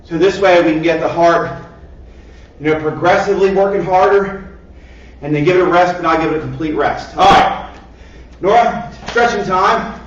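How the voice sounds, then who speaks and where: A fairly high-voiced man coaches a kids' workout class and counts down each set with steady encouragement. He exercises alongside his students as he talks. His voice comes from some way off the mic in a big, echoey room, and the recording sounds dull and lo-fi. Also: normal speed, pauses often, recorded from a distance, a little hiss or hum. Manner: encouraging, counts reps aloud; exercising along while talking. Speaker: martial arts instructor leading a kids' PE class.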